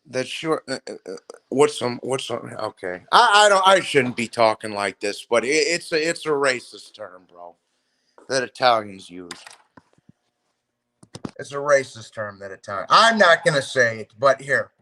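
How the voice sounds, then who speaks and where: A man's voice: mid-range voice, big pitch swings, moderate pace, bright, forceful tone, slight background noise. A man hosting a boxing talk show, rambling casually and swearing, calling his viewers "bro". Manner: profane, streetwise, talks to viewers as "bro".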